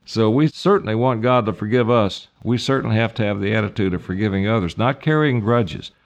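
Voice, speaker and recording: A man delivering a sermon, moving between reading old-fashioned scripture and explaining it in simple terms. He slows down and lifts his voice to drive home the key points. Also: lowish voice. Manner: reads King James verses then paraphrases in plain words. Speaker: preacher.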